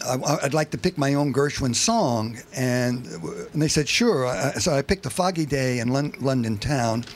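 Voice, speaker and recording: An older man recounts a studio story in a relaxed, chatty way, stumbling over words and picking the thread back up. His voice sits at a middling pitch, with a faint hiss of noise behind it. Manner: animated anecdotes, many restarts. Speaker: interview guest. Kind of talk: casual storytelling.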